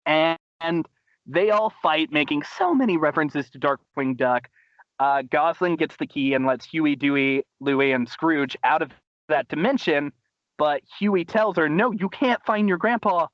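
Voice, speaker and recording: A man hosting a podcast, casually recapping a cartoon episode in an animated way, laughing and acting out quotes. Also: unhurried, no echo, lo-fi sound. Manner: animated, laughing, acts out quotes in high voices. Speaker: podcast host.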